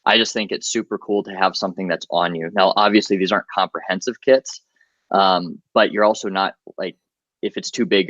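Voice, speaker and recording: A man's voice: deep voice, fairly even intonation, brisk, a bit bright, no room sound, muffled recording. A male medic talking as a guest on a podcast, practical and chatty, with a lot of "you know" fillers. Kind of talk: casual podcast interview.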